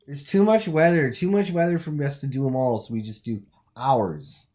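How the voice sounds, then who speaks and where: A man's voice: mid-range voice, very animated, moderate pace, warm tone. A man hosting a comedic call-in talk show with a theatrical, exaggerated announcer delivery.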